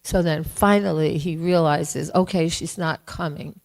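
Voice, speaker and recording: A woman giving a devotional class, telling a sacred story gently and voicing its characters. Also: low voice, steady tone, vocal fry, poor audio. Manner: gentle, slow storytelling with voiced quotes. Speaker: class speaker. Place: temple hall.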